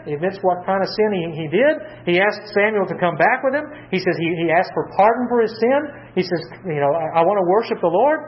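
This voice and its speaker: A man's voice: sits high, highs cut off. A man preaching a sermon, asking the listeners questions and answering them himself. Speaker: pastor.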